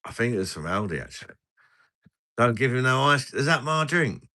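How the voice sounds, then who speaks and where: A man's voice: mid-range voice, very animated, normal speed, pushed and bright. A British man hosting a casual live stream, rambling jokily and laughing as he chats over drinks. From Britain. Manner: rambling, jokey banter with frequent laughs.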